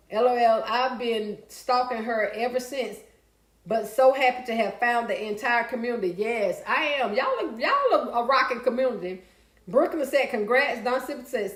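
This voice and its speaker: A woman with a fairly high voice, sounding reverberant, hosts a casual live stream. She reads viewer comments aloud, responds to them and sometimes breaks into song and laughter.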